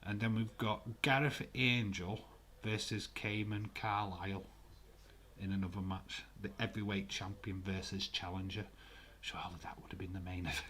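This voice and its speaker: A man's voice: low voice, steady tone, moderate pace, pushed and bright. A man hosting a live stream, chatting casually in a rambling way, swearing freely and reading viewer comments aloud. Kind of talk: casual watch-along chat.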